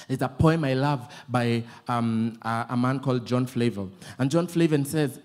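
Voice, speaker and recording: A man with a Kenyan accent preaching a sermon, telling lively, playful stories and switching often between English and Swahili. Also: medium pitch, normal speed. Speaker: pastor.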